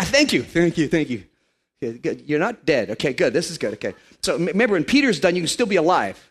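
Man preaching in church, high voice, swings up and down a lot, playful and joking, fifties. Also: very animated, fast, a bit bright, husky. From Canada. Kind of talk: lively sermon to a congregation.

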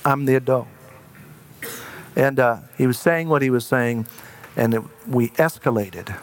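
A man's voice: mid-range voice, unhurried. A middle-aged man, a pastor, preaching a sermon with earnest storytelling that halts on fillers in personal stories.

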